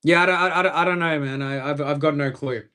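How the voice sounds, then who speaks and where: A man's voice: a little high, steady tone, quick pace, bright, forceful tone, clean tone. A young man with an Australian accent chatting casually on a live stream from a room at home, rambling in enthusiastic fan commentary.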